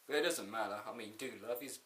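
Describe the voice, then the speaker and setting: A man's voice: on the low side, fast talker, sharp tone, reverberant. A man casually reviewing a wrestling show, laughing often and rambling through a recap with quoted lines.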